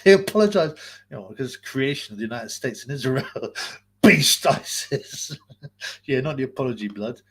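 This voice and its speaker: A man's voice: medium pitch, animated, moderate pace, a bit bright, slightly rough. A man hosting a livestream, chatting in a rambling, profane way and laughing often. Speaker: livestream host. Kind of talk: casual livestream chat.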